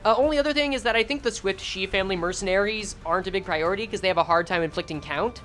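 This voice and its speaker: A woman's voice: mid-range voice, very fast, a bit bright, soft background music. A woman streaming a game, reading skill text aloud and joking sarcastically with her chat.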